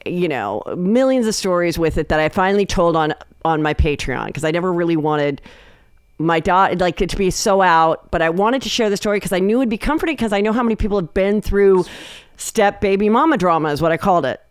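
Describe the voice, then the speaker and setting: Woman, comedian guest, animated storyteller, podcast chat, dry close mic. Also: lowish voice, fairly quick, smooth, dry recording. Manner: animated storyteller, acts out quotes.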